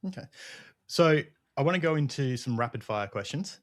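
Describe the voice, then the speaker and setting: A man hosting a casual interview, upbeat and quick to laugh. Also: mid-range voice, lively intonation. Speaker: podcast host.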